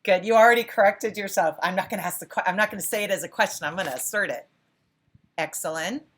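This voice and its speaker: A woman's voice: mid-range voice, quick pace, fairly bright tone. A woman instructor leading a class, encouraging her students and often praising and restarting her sentences. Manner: self-correcting restarts. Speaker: college philosophy instructor. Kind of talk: interactive class lecture.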